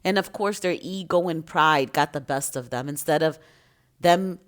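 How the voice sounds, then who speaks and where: A woman's voice: deep voice, moderate pace. A woman giving an impassioned, emotional spiritual monologue to her viewers in a preachy, emphatic way. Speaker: spiritual content creator.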